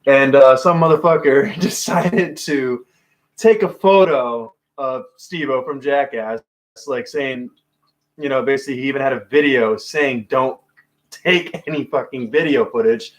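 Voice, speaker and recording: A man in a casual podcast chat who rambles through stories, peppering them with curses and "like"s. His voice sits in a plain middle pitch. He rarely finishes a thought before starting the next. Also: a little slow. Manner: rambling storyteller, frequent swearing and fillers. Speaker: podcast co-host.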